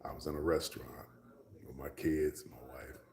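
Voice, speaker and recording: A man's voice: extremely low pitch, fairly even intonation, normal speed, vocal fry, a little mellow, roomy sound. A man from Texas, chatting casually with livestream viewers, rambling along and dropping to a whisper for asides. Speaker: livestream host.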